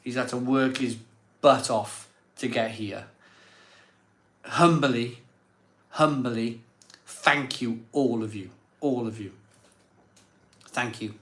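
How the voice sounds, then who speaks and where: A man thanks his viewers on a live stream, his voice sitting at an ordinary middle pitch. He is emotional and keeps repeating himself as he catches his breath. The sound carries a clear room echo. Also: takes it slowly, long pauses, fairly bright tone. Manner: effusive, repeats words of thanks over and over. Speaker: live stream host reading viewer messages. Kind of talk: casual live stream chat. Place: home room set up as a virtual pub. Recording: echoey room.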